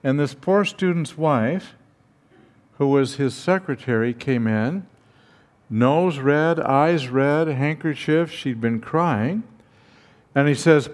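Slow older man telling a story. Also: mid-range voice. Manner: slow, dramatic retelling with acted dialogue. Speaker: speaker recounting his teaching past. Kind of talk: personal anecdote, storytelling.

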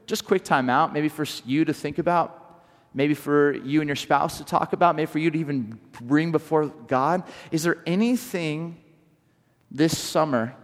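A man from Southern California preaching a sermon, telling stories in an animated way and often restarting his sentences. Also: on the high side, big-room sound. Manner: animated storytelling with repeated restarts. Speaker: pastor.

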